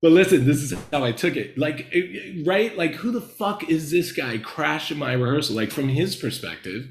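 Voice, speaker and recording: A man's voice: on the high side, normal speed, a little hiss or hum. A man telling a long story in a casual interview, rambling and swearing a lot as he acts out the people in it. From Los Angeles, United States. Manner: rambling, profane, animated storyteller. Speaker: screenwriter guest. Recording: echoey room.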